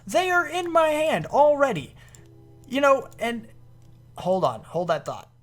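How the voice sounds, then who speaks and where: A man telling a long personal story while playing a game on his channel, animated and full of restarts, into a desk microphone at home. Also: very high-pitched, measured pace, soft background music. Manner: rambling, animated anecdote with many restarts. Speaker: gaming YouTuber.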